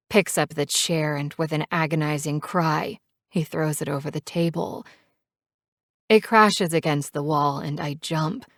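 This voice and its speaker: A woman narrating a first-person romance audiobook with a measured, steady reading on a close mic. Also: low voice, vocal fry, dry recording.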